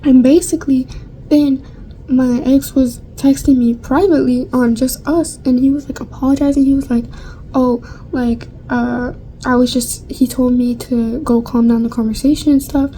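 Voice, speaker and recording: A woman's voice: sits high, steady tone, moderate pace, mellow, a little hiss or hum, rough recording. A young woman vlogger chatting casually through a storytime while getting ready, rambling with lots of fillers and casual swearing.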